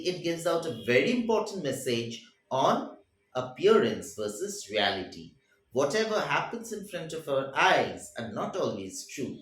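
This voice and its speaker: A man's voice: a little high, fairly bright tone. A man reads a story aloud for students and paraphrases each passage in simple words. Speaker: teacher. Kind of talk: reading and explaining a story for a class. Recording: roomy echo.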